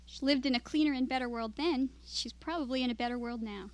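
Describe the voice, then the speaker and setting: A woman reading aloud, voicing a mild, friendly Midwestern man who talks low and subdued, nostalgic and quietly bitter. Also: fast talker, close to an everyday voice. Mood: wistful.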